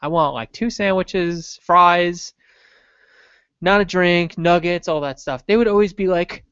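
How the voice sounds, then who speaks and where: A man's voice: high voice, animated, a little slow, a bit bright, clear, resonant tone, dry recording, dull audio. A man co-hosting a podcast, trading crude jokes and laughing often. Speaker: podcast co-host. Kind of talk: crude casual banter.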